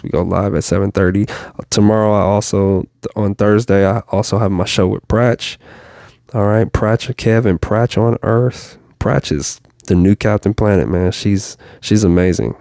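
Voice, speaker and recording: A man's voice: fairly low pitch, fairly even intonation, measured pace, vocal fry, dark tone, no echo, studio quality. A man hosting a motivational show, talking casually and encouragingly to his viewers, repeating himself and calling them y'all. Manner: casual, repetitive, encouraging, addresses listeners as y'all.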